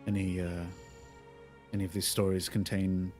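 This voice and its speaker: Man, tabletop player, lowish voice, soft, hesitant, faint music. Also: level tone, normal speed. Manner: quiet, earnest, hesitant. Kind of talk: in-character tabletop play.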